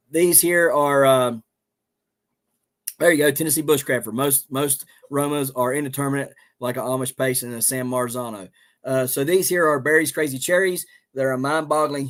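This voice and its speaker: A man's voice: mid-range voice, a bit bright. A man with a Southern accent hosting a homestead livestream, chatting casually in a rambling, folksy way with plenty of ums and uhs. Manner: rambling, folksy, many fillers.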